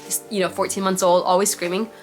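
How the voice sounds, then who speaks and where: Chatty young mom giving advice. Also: female voice, fairly low pitch, flat delivery, fast talker, soft background music. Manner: chatty, lots of "like" and "you know", warm mom-to-mom advice. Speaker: mom giving parenting advice to a support group. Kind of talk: casual advice talk on a video call. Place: home, on a virtual meeting. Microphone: computer mic on a video call.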